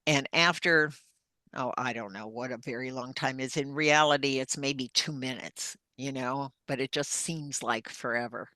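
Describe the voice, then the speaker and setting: A woman's voice: rumbling low, moderate pace, bright, forceful tone, no room sound. An older woman, a podcast guest, earnestly recounting a personal story in vivid detail. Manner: earnest, vivid retelling with acted-out dialogue.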